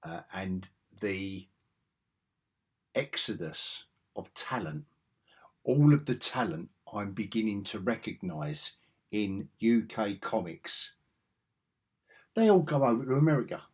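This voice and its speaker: A man in his fifties rambles eagerly through a nostalgic vlog, his voice husky and a little rough. He takes his time, drawling and circling back on his own words as he goes. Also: on the low side, expressive, takes it slowly, pauses often, a little mellow. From England. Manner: enthusiastic and rambling, with frequent restarts. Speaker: comics vlogger. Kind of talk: casual nostalgic monologue.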